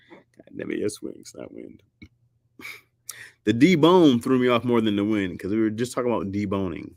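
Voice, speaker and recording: A man from the United States chatting casually and jokingly with his audience, often jumping into a high squeaky pitch for emphasis. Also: sing-song, normal speed, gravelly, pauses often, darkish tone, dry recording, studio quality. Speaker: streamer host. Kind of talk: casual chat.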